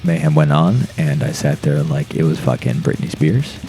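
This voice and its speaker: A man with a strikingly deep, gravelly voice tells a long, rambling story, swearing freely and laughing along the way. It sounds like relaxed podcast chat with faint music underneath. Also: moderate pace. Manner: profane, rambling, laughs through his story. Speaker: podcast guest. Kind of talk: casual storytelling.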